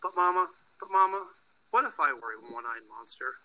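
A man voicing a small, curious child who keeps asking playful questions in a higher, louder voice. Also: expressive, moderate pace, full character voice, low-quality recording. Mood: pleading.

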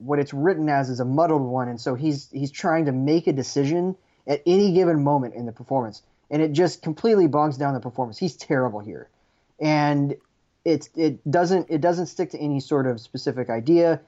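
A man with a mellow, dark tone co-hosting a casual film review chat. He talks in a measured, analytical way, restarting his sentences as he thinks, over a dull, lo-fi recording. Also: fairly high pitch. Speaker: film review podcast co-host.

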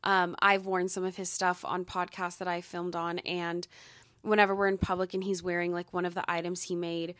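A woman's voice: lowish voice, flat delivery, moderate pace, a bit bright, dry recording, clean studio sound. A young woman hosting a podcast, chatting casually with lots of fillers and gushing enthusiasm. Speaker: podcast host. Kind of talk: casual commentary.

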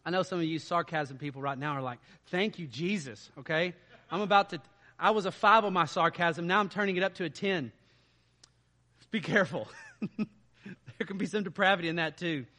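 High, bright-voiced male preacher. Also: brisk, pauses often, big-room sound. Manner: conversational, swings between quiet asides and loud emphatic stretches. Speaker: pastor. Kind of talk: sermon.

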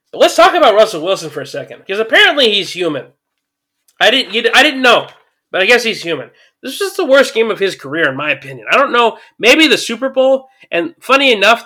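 Man, casual sports recap, bright forceful voice, slightly high, chatty and excitable. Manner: excitable, chatty, fillers like "you know" and "man". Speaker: sports commentator.

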